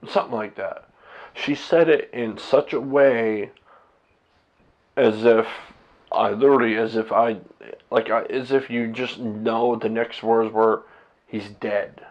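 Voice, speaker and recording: Man, self-recorded vlogger; slow, blunt, profane rambling delivery; dull, muffled sound. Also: mid-range voice, steady tone. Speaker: vlogger, husband and father. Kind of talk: candid monologue to camera. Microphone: camera set up by himself.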